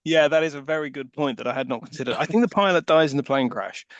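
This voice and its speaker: Male co-host, sarcastic film chat, slightly high voice, dry close sound. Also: quick pace, no echo, dull audio. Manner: wry, sarcastic ranting. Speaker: podcast co-host. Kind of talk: casual film review chat.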